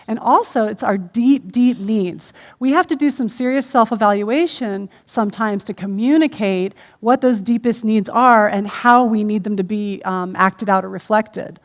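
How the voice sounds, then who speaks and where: A middle-aged woman co-preaching a sermon in a conversational way, often pausing with ums. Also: mid-range voice. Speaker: co-pastor. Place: church stage.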